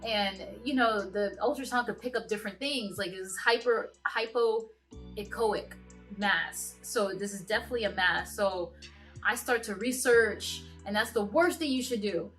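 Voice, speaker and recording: A woman in her twenties telling a personal story to camera in a halting, earnest way, often stopping and restarting her sentences. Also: mid-range voice, a bit bright, faint music behind. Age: 20s. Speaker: vlogger.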